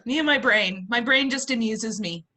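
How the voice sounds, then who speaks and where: A playful woman teacher with a high, bright voice, chatting with her class on a video call. She giggles and is easily amused by her own ideas. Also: expressive, slow pace. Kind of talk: casual class chat.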